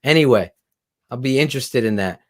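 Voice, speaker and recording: Excitable man ranting about football. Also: medium pitch, brisk. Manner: excitable, swearing, voice rising when heated. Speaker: co-host. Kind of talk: casual sports talk show.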